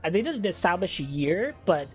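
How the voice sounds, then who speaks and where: Low-voiced woman streaming a game, chatty, thinking out loud. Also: very animated, faint music behind. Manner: chatty, quick laughs and restarts, thinking aloud. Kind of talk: casual let's-play commentary, reading game dialogue aloud.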